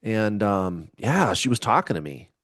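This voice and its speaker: A man's voice: lowish voice, big pitch swings, a little slow, a bit bright, no room sound, studio quality. A middle-aged man chatting casually to camera in a rambling, laid-back way, with the odd swear word. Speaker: spiritual vlogger.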